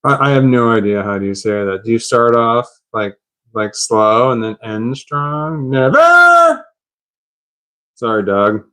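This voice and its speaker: A man's voice: lowish voice, normal speed, fairly bright tone, clear, resonant tone. A man chatting on a live stream, puzzled and rambling, laughing at himself.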